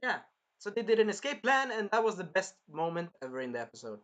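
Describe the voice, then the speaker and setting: Male anime reviewer, high and lively voice, casual and profane, acts out the characters. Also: fast talker. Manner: animated, swears a lot, acts out characters' lines.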